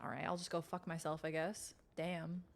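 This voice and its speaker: A woman streaming a video game, reacting to it in excitable, profane casual chat. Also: low voice, moderate pace, gravelly, background noise. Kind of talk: casual live-stream chat while gaming.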